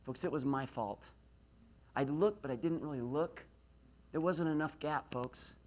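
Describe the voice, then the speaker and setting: Energetic man telling a story on stage. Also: fairly high pitch, unhurried. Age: 40s. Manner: animated storytelling, rising to loud emphatic peaks. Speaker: motivational speaker. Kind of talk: lecture to an audience. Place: university lecture hall.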